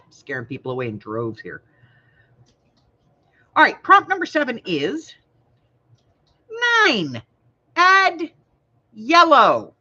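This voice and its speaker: A woman's voice: a little high, huge pitch swings, slow pace, long pauses, pushed and bright, slightly rough, muffled recording. A woman hosting a casual live craft class, playful and joking, laughing often. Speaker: crafting livestream host.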